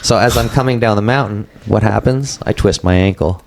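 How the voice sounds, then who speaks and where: A man in his forties, a podcast guest telling a story in a casual, animated way, acting out what people said, with many filler words. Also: fairly low pitch, fairly quick, vocal fry, slight background noise. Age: 40s. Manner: animated, acts out quoted dialogue, frequent "like" fillers.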